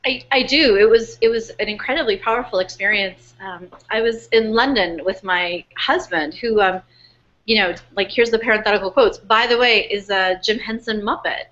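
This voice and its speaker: A woman author telling the story behind her book in an earnest, animated way, full of fillers and restarts, speaking from home over a webcast. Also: mid-range voice, normal speed, lo-fi sound. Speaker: author being interviewed. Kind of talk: casual storytelling interview. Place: home in New York, remote webcast.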